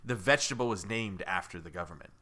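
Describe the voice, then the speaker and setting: Bright-toned young man co-host. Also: low-pitched, expressive, fast. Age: young adult. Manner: playful, jokey, laughs a lot. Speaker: podcast co-host. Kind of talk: casual comedic storytelling.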